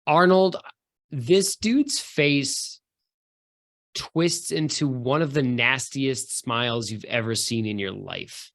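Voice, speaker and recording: A man running a tabletop game as game master, narrating in a relaxed, hesitant way with many fillers. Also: medium pitch, slow pace, creaky.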